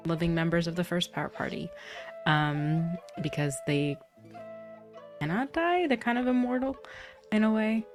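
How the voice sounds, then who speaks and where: A woman's voice: lowish voice, expressive, moderate pace, soft background music. A woman tabletop game player introducing herself in casual chat, hesitant and full of fillers.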